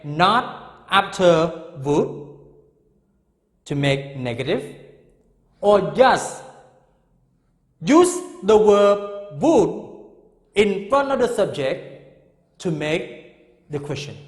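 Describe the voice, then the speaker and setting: An energetic male teacher with a high voice runs an English grammar class, and the room's long echo is clearly audible. He goes over example sentences slowly and repeatedly, often asking "Understand?" and "Okay?"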